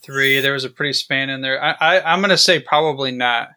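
A man's voice: medium pitch, a little fast, pushed and bright. A man co-hosting a sports history podcast, answering hesitantly and thinking aloud. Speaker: podcast co-host. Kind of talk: casual sports chat.

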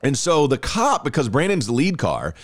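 A man, hosting a podcast and telling a story in a casual, animated way, laughing often and restarting phrases. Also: medium pitch, moderate pace, no echo, clean studio sound. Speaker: podcast host.

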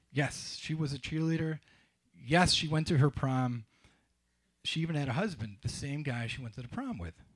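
Guy telling a true story live, wry and confessional, dry humor, voice on the higher side.

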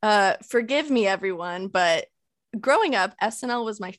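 A woman's voice: mid-range voice, expressive, normal speed, dry recording, studio quality. A young adult woman talking as a podcast guest, upbeat and chatty, laughing often. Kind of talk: casual podcast conversation.

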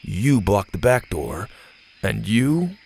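An unflappable boy camper, as a man reading a storybook puts him on, pitched low and steady. He gives orders plainly, with no fuss. A gravelly texture sits under every word. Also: slow, exaggerated voice. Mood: calm. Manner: calm, flat and matter-of-fact.

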